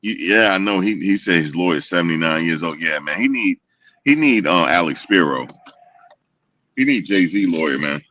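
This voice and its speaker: Deep-voiced man talking casually. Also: normal speed, recorded from a distance, muffled recording. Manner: animated, repetitive storytelling with quoted voices. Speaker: show host. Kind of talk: casual commentary to viewers.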